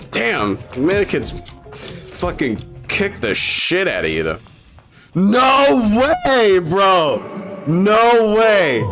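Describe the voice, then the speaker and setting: A young man giving excitable, profane reaction commentary on a game trailer, often incredulous. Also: mid-range voice.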